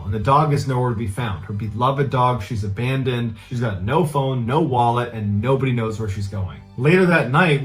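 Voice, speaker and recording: Man casually telling a true crime story. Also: mid-range voice. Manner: casual, earnest retelling with loose phrasing. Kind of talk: conversational storytelling.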